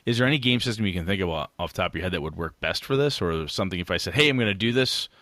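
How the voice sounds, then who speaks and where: A man's voice: sits low, animated, rapid-fire, a bit bright, no room sound, studio quality. A man co-hosting a casual gaming podcast, talking frankly and swearing now and then. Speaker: podcast co-host.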